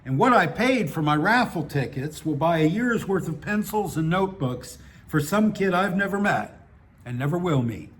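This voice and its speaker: A man's voice: fairly high pitch, fairly bright tone. A man reading his own personal essay aloud, in a wry, dryly humorous way. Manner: wry, dry humour with small laughs.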